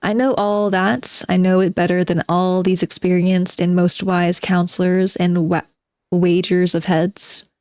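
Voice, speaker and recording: A woman's voice: on the low side, flat delivery, measured pace, clean tone, no room sound, close to an everyday voice. Spiteful bitter recluse of forty read by a woman, sardonic monologue, dry mic. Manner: sardonic, self-mocking monologue addressed to "gentlemen". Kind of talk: reading a novel aloud.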